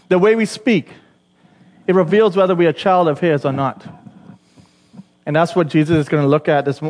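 A man's voice: fairly high pitch, in a large hall. A Bahamian man preaching a sermon, chatty and conversational, with asides to the congregation. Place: church.

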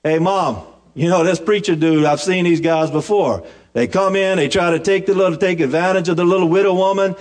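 Wary little boy voiced by a man, high, folksy, pleading. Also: fairly quick, darkish tone, natural voice.

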